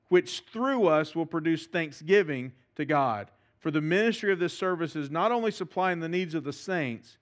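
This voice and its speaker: A man pastor preaching a sermon, with emphatic delivery that swings from loud to soft. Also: high-pitched.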